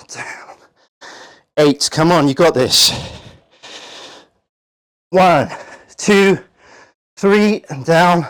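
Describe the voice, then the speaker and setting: A man coaching a home workout, out of breath, counting reps aloud and encouraging. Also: fairly high pitch. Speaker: fitness coach.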